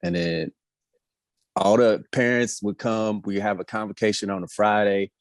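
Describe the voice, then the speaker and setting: A man co-hosting a podcast, telling exasperated school stories in an animated, casual way. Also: fairly low pitch, normal speed, no echo. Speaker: podcast co-host. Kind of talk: casual comedic chat.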